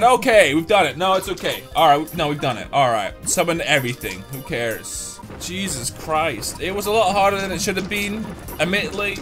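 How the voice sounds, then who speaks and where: A young man giving casual, excitable commentary over a mobile game he is playing, muttering one moment and yelling at the screen the next. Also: high voice, a little fast, hardly any pauses, music in the background. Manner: excitable, swings from mumbling to yelling and laughing at the game. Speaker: gaming YouTuber.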